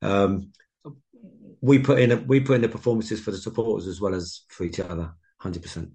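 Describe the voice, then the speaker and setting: A man's voice: lowish voice, steady tone, a little fast, mellow. A man in his sixties, a former footballer, telling rambling anecdotes as a guest in a casual interview. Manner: rambling anecdotal storytelling, many restarts.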